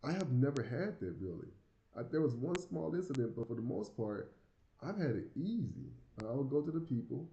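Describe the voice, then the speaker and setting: Talking casually to the camera, this Southern-accented American vlogger living abroad rambles along with a slight lisp, repeating words and chuckling often. His mid-range voice is warm, very animated and brisk. The reverberant recording is poor quality, with a little hiss or hum.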